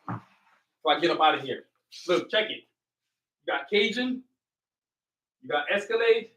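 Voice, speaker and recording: High bright-voiced livestream host, hyped. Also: male voice, expressive, unhurried. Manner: hyped, motivational, slangy and direct. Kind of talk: casual livestream talk.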